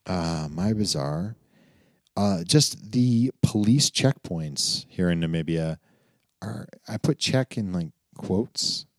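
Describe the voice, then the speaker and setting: A man's voice: low voice, expressive, takes it slowly, no echo. A young man co-hosting a casual travel podcast, talking in a laid-back, dryly joking way. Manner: laid-back, dry humor. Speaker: podcast co-host.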